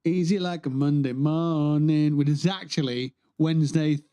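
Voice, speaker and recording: Male gaming streamer, fairly high voice, rambling banter, swears a lot. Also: steady tone, normal speed, dark tone, smooth. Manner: rambling, joking, swears freely. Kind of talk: casual gaming livestream chat.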